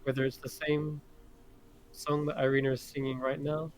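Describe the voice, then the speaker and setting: A man narrating a tabletop game as game master, describing scenes in an unhurried, descriptive way. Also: mid-range voice, little pitch movement, poor audio.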